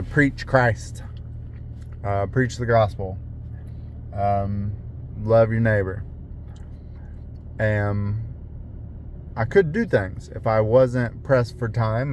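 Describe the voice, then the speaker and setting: A man's voice: fairly low pitch, darkish tone, slight background noise. A young man, a rideshare driver, rambling in a casual vlog from his parked car, full of fillers and restarts.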